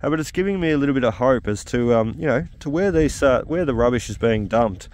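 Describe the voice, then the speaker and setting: A man's voice: medium pitch, expressive, fast, a little mellow, a little hiss or hum. A middle-aged Australian man with an upbeat, chatty manner and lots of 'uh' fillers, talking outdoors at an old house site as a metal detecting vlogger. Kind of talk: casual outdoor commentary.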